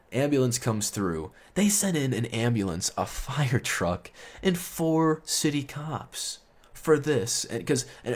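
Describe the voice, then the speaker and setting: A man telling a story in a casual, rambling, profane way, chuckling as he goes. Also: on the low side. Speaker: storyteller host.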